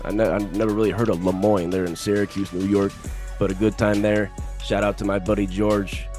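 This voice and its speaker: A man's voice: on the low side, little pitch movement, brisk, over loud music. A man co-hosting a casual sports podcast, giving confident, emphatic picks and repeating himself for emphasis. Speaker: podcast co-host.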